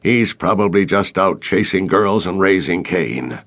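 A male audiobook narrator gives voice to a lazy, surly building manager with a raspy, gravelly growl. He grumbles and complains through everything and sounds stubborn and rude. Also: sits low, lively intonation, measured pace, a bit bright, exaggerated voice. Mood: grumbling. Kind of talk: audiobook character voice.

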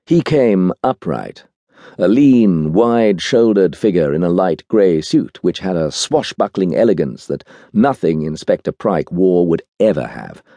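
A male audiobook narrator with a very low, mellow voice reads in an expressive, wry manner. His pitch rises and falls freely. The sound is close and dry, with no room in it. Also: no echo.

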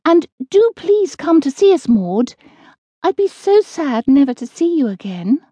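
A woman voicing a timid, shy witch who speaks softly and hesitantly, in a close dry studio recording. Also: high-pitched, sing-song, unhurried, dry recording, pitched above the performer's own voice. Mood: pleading. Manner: hesitant, soft-spoken.

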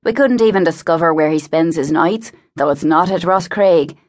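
Woman doing a rough, defiant hired thug. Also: low voice, normal speed, lightly acted.

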